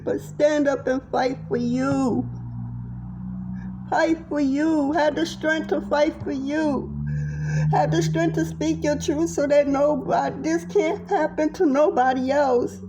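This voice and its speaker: A woman's voice: high voice, fairly even intonation, takes it slowly, noisy background. A middle-aged woman giving a tarot reading monologue to viewers, blunt, profane and impassioned. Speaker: tarot reader.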